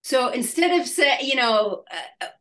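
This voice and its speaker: Woman, sixties, bright tone, rambling laughing storyteller in interview. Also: high-pitched, expressive. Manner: halting, laughing storyteller with many restarts. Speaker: actress guest. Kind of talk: casual interview chat.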